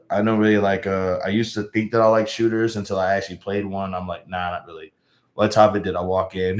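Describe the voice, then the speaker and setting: A young man with a somewhat low voice talks loosely to his livestream chat. He rambles in halting bursts, restarting sentences and trailing off with sighs. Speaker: live streamer.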